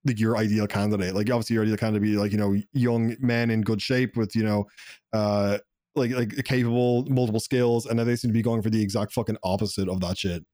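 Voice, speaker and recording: Brief: quick guy, swears and laughs a lot, dry close sound. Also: fairly low pitch, fairly even intonation, dark tone, no room sound. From Ireland. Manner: crude, laughing, heavy filler words. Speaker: podcast guest. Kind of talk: casual podcast chat.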